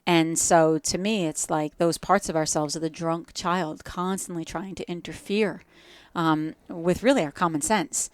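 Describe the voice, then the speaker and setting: An earnest woman with a New Jersey accent talks through ideas on a podcast, piling up short, repeated phrases. Her voice sits a little low. The sound is close and dry, with no room around it. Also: steady tone, measured pace, few pauses, clean tone, dry recording. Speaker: guest yoga teacher. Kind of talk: reflective podcast conversation.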